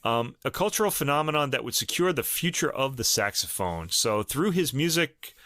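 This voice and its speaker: Chatty podcast host, thinking aloud. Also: male voice, medium pitch, lively intonation, normal speed, sharp tone, dry recording, clean studio sound. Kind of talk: casual chat about recordings.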